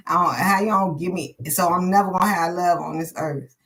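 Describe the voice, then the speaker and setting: Low-voiced, foul-mouthed woman reading tarot. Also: moderate pace. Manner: profane, candid and rambling, thinking aloud. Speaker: tarot card reader. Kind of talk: casual live-stream tarot reading.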